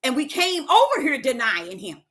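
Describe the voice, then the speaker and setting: A woman, talking in a casual spiritual monologue, preachy, with sudden high exclaims and low quoted voices. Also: wildly swooping pitch, normal speed, fairly bright tone. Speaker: host.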